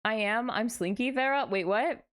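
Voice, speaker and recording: A woman's voice: fairly high pitch, normal speed, fairly bright tone. Tired, giddy young woman streamer. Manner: playful, self-mocking, reads chat aloud and answers it. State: tired and giddy late at night. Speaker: VTuber streamer. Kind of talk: casual live-stream chat with viewers.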